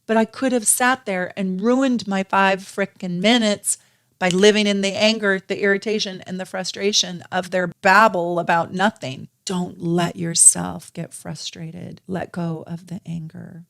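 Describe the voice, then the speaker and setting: Earnest woman astrologer, lowish voice. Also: normal speed, vocal fry. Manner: earnest, animated, repeats phrases for emphasis. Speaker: astrologer and tarot reader. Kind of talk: casual spiritual advice to viewers.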